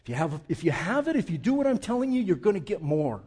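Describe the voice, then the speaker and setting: A man preaching a sermon with emphasis, who asks the congregation questions and moves between loud and hushed passages. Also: high-pitched, big pitch swings, quick pace, slightly rough. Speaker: pastor.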